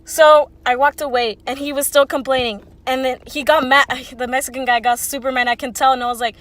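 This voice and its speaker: A woman's voice: high voice, fairly even intonation, brisk, a bit bright. A woman in her twenties telling a casual storytime, rambling and swearing freely with lots of "like". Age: 20s. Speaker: vlogger.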